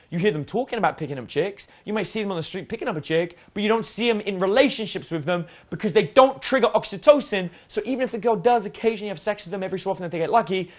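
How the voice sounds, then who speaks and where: A man teaching a dating seminar in a lively, casual way, swearing now and then and acting out example lines. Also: high voice. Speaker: dating coach. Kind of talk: spoken seminar lesson.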